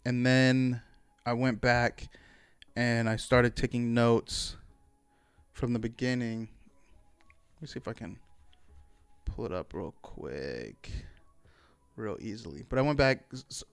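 Man, solo podcast host, casual rambling chat, lots of fillers, swears freely, smooth voice. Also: mid-range voice, takes it slowly, pauses often, no room sound, faint music behind.

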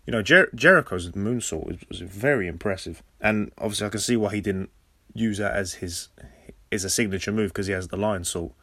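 An English man hosting a casual podcast recap, sarcastic and swearing freely, with sudden loud high outbursts. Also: a little fast, dry recording. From England. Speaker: podcast host.

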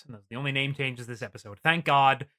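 A man hosting a podcast in casual chat, animated, swearing freely and laughing often. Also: mid-range voice, quick pace. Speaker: podcast host.

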